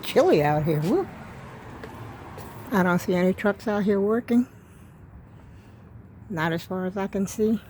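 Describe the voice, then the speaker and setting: A woman's voice: medium pitch, animated, a little slow, long pauses, dark tone, slight background noise. An older woman rambles through a casual home vlog, chatting straight to her viewers. She often trails off mid-sentence and keeps calling them y'all. She is recorded on a handheld phone indoors. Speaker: vlogger. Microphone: handheld phone camera.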